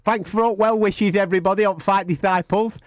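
Man putting on a brash boxer, cocky and slangy, a touch high, dry sound. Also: steady tone, brisk, dry recording, natural voice.

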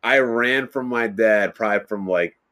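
A man co-hosting a podcast, telling a profane childhood story in an animated, casual way. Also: on the low side, normal speed.

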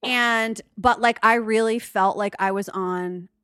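A woman's voice: fairly high pitch, fairly even intonation, a little slow, fairly bright tone, clear, resonant tone, dry recording, clean studio sound. A woman in casual chat, gushing and rambling, swearing freely as she tells stories.

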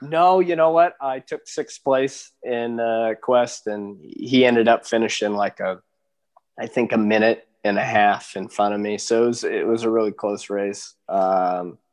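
Speaking a little slowly in a fairly low voice, an Alaskan dog musher rambles easily through a casual interview as a guest. He's laid-back and leans on lots of filler words.

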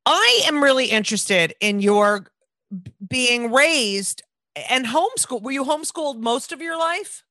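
A middle-aged woman from New Jersey hosts a casual podcast chat, her voice bright and forward. She rambles, swears freely and keeps cutting herself off mid-thought. The sound is close and dry, with no room around it. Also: high voice, expressive, unhurried, dry recording. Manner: rambling, profane, breaks off mid-sentence. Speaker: podcast host.

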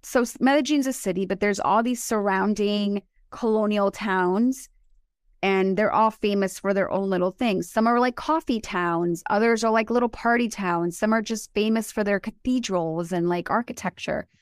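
A woman in her forties, born in Colombia, telling animated and emotional stories as a podcast co-host. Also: medium pitch, moderate pace, dry recording, clean studio sound. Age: 40s. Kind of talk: casual chat.

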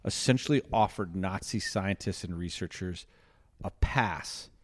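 A middle-aged man from the United States talks in a casual podcast chat. His voice sits low, and he stumbles through restarts and fillers as he searches for words. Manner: halting, many restarts and fillers. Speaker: podcast co-host.

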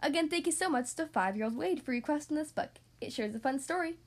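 A woman hosts a children's podcast, reading a storybook aloud. Her high voice is bright with expression and swings lively up and down. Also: fast.

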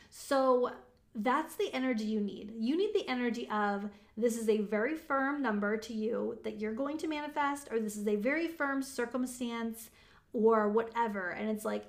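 Chatty woman with a higher voice. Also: moderate pace. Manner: chatty, emphatic, many "like" fillers. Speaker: motivational speaker on manifesting. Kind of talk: casual motivational talk.

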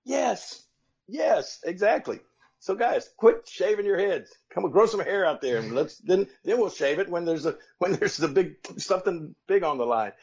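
An older man, co-hosting a podcast and telling animated stories from his wrestling days. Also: sits high, normal speed, vocal fry, husky. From United States. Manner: animated storyteller, voices quoted people. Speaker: podcast co-host, former wrestler. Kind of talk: casual storytelling chat.

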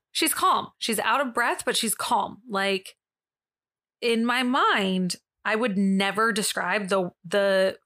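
A young woman hosts a true-crime podcast and walks through a case in loose, conversational speech. Her voice is bright and crisp, and she laughs easily and drops the odd swear word. She sits at a middle pitch for a woman. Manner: chatty, laughs often, swears. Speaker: podcast host. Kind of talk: casual true-crime storytelling.

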